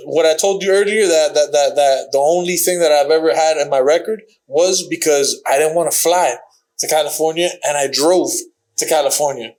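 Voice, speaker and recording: A man's voice: a little high, fairly quick, a little mellow, low-quality recording. Rambling young man telling a story. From Miami. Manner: rambling, repeats himself, slangy. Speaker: guest fighter. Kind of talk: casual storytelling.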